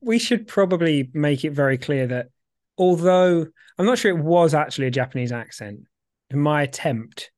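Guy on a podcast, kinda high voice, dry close sound, laughs at himself a lot. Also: lively intonation, moderate pace, darkish tone, no echo. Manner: giggly and self-mocking. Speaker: podcast co-host. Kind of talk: casual chat.

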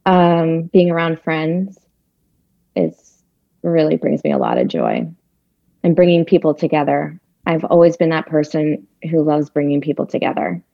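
A woman's voice: sits low, sing-song, unhurried, vocal fry, dry recording. A woman guest on a talk show, chatty and emotional, laughing easily as she answers. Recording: dull, lo-fi sound.

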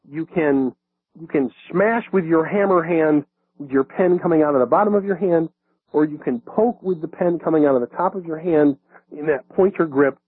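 Brief: male instructor, talky and informal, slightly husky voice, tinny dry phone-like recording. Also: fairly high pitch, no echo. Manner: conversational, with fillers and restarts. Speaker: self-defense instructor. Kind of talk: casual instructional talk. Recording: dry, narrow phone-like sound.

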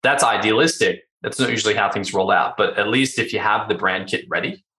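Podcast guest, male, lowish pitch, bright energetic delivery, rhetorical, echoey room. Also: fairly quick. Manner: energetic, rhetorical, acts out clients' voices. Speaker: branding agency founder, podcast guest. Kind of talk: podcast interview explanation.

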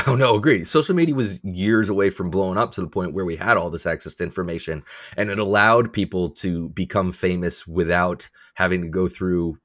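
A man's voice: deep voice, fairly quick, dry recording, studio quality. A married man co-hosting a podcast, chatting casually and joking, with frequent laughter. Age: adult, married. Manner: laughs often, animated and joking. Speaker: podcast co-host. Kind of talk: casual comedic chat.

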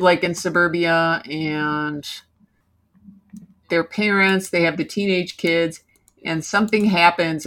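A woman's voice: low voice, vocal fry, a bit bright. A woman co-hosting a podcast in casual chat, rambling with many fillers. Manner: rambling, filler-heavy storytelling. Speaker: podcast co-host.

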